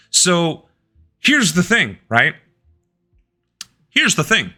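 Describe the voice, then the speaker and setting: A man's voice: fairly high pitch, wildly swooping pitch, drawn-out words, pauses often, bright, forceful tone. A man doing live-stream reaction commentary on politics, ranting angrily and with heavy profanity.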